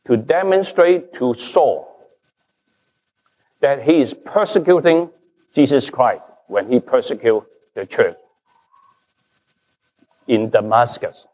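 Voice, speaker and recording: A man preaching a sermon as pastor, slow and emphatic, his stresses rising and falling. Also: mid-range voice, darkish tone. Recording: long reverb of a large hall.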